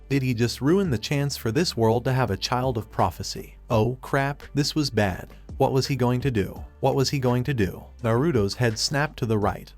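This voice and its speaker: A man narrates a fan fiction story in a flat, steady reading voice at a middle pitch. Soft music plays faintly under him.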